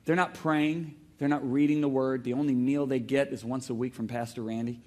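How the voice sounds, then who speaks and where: A man preaching a sermon to a congregation, telling stories in an animated way with loud outbursts and calls for the crowd to answer back. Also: medium pitch, brisk. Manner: animated storytelling, bursts into loud exclamations. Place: church hall before a congregation.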